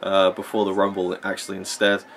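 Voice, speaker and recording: A man with a lowish voice rambles through opinionated wrestling commentary while he watches a match. He loses track of his points and circles back to them, filling his pauses with ums and you-knows. A faint hum of room ambience sits behind him. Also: monotone, fairly bright tone. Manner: rambling, opinionated, with frequent fillers. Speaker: wrestling vlogger.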